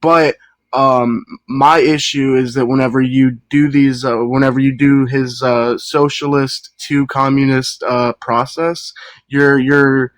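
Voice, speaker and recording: Guy calling into a stream, lots of ums, halting, dry sound. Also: medium pitch, level tone, no room sound, poor audio. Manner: hesitant, lots of ums, gets cut off. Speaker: caller. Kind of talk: call-in debate.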